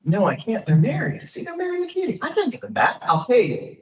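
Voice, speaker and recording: A man's voice: very high-pitched, wildly swooping pitch, fast talker, recorded from a distance, dull audio, voice pushed up, heavily acted. A man lecturing puts on the voice of a wry, sly colonial governor, a middle-aged man. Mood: breezy, sly.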